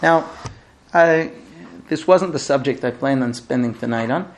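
A man's voice: mid-range voice, measured pace, slight background noise. A middle-aged man teaching a recurring class as a rabbi, telling funny stories and acting out the quoted lines. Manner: animated storyteller, acts out quoted dialogue. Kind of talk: lively classroom lecture with humor.

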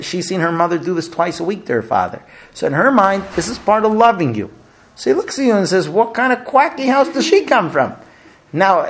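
A man giving a lecture on marriage advice, telling stories in an animated way with many fillers and restarts. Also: a little high. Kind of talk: lecture with anecdotes.

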